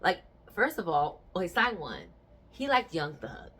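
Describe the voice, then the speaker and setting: A woman's voice: on the low side, big pitch swings, measured pace, a bit bright, breathy edge. A young adult woman hosting a podcast, chatting casually and telling stories frankly with bursts of laughter. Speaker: podcast host.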